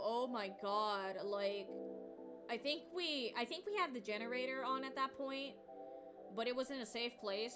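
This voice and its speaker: A young woman streamer telling stories in casual chat, swearing often, rambling and laughing as she goes. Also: a little high.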